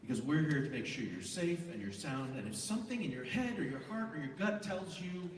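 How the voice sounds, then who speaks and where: A man presenting to a large live student audience in an auditorium, energetic and animated as he directs the crowd. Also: fairly high pitch, fairly quick, slight background noise. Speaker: event presenter. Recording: echoey hall, voice from far off.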